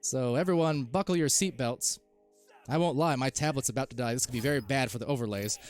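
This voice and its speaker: A man casting a live esports match, calling plays quickly and rising to shouts when goals are scored. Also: mid-range voice, faint music behind. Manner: excitable, rises to shouts on goals. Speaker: esports caster. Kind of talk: live play-by-play commentary.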